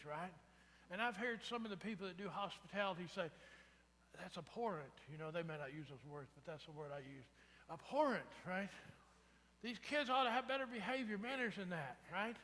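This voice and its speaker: A man's voice: sits high, sharp tone. A man preaching a sermon in a conversational way, often asking the congregation "right?". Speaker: pastor. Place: church sanctuary. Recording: reverberant church sanctuary.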